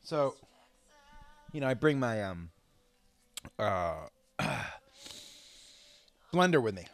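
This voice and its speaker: A man's voice: fairly low pitch, sing-song, slow. Rambling, profane man telling a story. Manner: rambling and profane, with loud outbursts. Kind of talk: casual storytelling.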